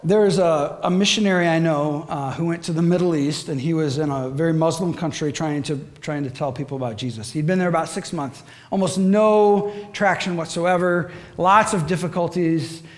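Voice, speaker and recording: A man preaching a sermon, animated and conversational, asking the congregation questions and acting out voices in his stories. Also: a little high, moderate pace, hardly any pauses.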